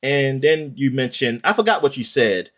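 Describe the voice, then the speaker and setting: Speaking at normal speed with a medium-pitched voice, a man co-hosting a podcast rambles animatedly as he recounts things in casual conversation. Fillers pile up, and now and then he swears.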